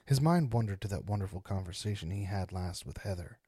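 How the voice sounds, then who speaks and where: A man's voice: low-pitched, expressive, fairly quick, mellow, slightly rough, no room sound, studio quality. A man hosting a casual podcast, joking around and reading spooky stories aloud with dramatic emphasis. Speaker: podcast host.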